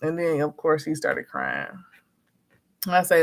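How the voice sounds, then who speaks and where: A woman chatting casually as a vlogger, frank and animated, acting out quotes as she tells her story. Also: fairly low pitch, brisk, gravelly. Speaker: notary and vlogger.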